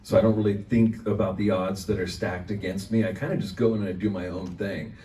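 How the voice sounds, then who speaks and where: Man voice actor, low warm tone, encouraging panelist, roomy distant sound. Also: steady tone, fast, a little hiss or hum. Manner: earnest, encouraging advice giver. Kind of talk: convention panel Q&A. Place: convention panel room. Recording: echoey room, voice far from mic.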